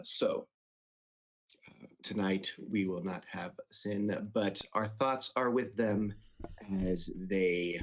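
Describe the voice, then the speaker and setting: A man's voice: deep voice, vocal fry, slight background noise. A man hosting a casual weekly stream, greeting the group with dry jokey asides. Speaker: host.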